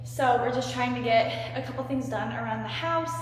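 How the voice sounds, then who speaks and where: A woman's voice: fairly high pitch, moderate pace. Chatty girl vlogging after a workout, kinda breathless, lots of "like", super echoey room w/ long reverb. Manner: upbeat, chatty, says "you guys" and "like" a lot. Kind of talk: casual vlog chat. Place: home workout space, indoors. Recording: very echoey room with light music.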